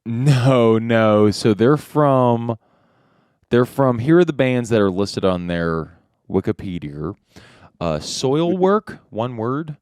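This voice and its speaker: A male podcast co-host riffing through casual comedy banter, throwing in swearing and sudden asides. His voice swings widely in pitch. It sits close and dry on the mic, with no room sound. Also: slow pace, clear, resonant tone, no echo. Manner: animated, swearing, breaks into joking asides.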